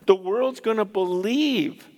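A man preaching a sermon, telling stories with animated swings between loud exclamations and hushed, quiet moments. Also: high-pitched, takes it slowly. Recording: long hall reverb.

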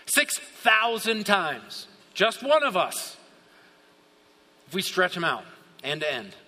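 A man preaching a sermon, moving between hushed asides and shouted bursts of awe. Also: high voice. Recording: long hall reverb.

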